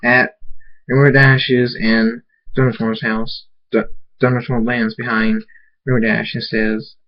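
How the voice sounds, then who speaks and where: A man's voice: medium pitch, level tone, measured pace, dull audio. Stumbling amateur male storyteller. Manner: stumbling, with frequent restarts. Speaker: narrator. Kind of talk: amateur fan fiction reading.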